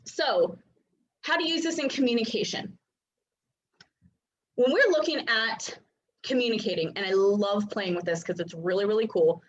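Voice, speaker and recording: A woman's voice: medium pitch, moderate pace, long pauses. A woman coaching in a casual, chatty teaching talk, full of filler likes and little acted-out voices. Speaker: human design coach. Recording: dull lo-fi recording.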